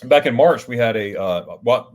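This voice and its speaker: A man's voice: medium pitch, moderate pace. A man hosting a casual livestream chat, telling rambling stories with restarts and chuckles. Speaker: livestream host.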